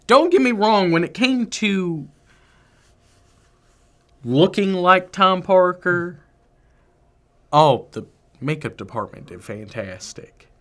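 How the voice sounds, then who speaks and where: A man co-hosting a film review podcast, chatting casually and giving opinionated, emphatic takes. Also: sits high. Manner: animated, opinionated, drawn-out emphasis. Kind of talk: casual movie review chat.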